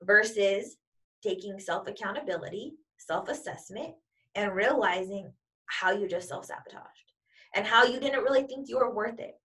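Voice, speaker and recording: A woman's voice: mid-range voice, moderate pace, fairly bright tone, recorded from a distance. A woman giving an emphatic, repetitive motivational talk as a coach. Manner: emphatic and repetitive, piling up examples.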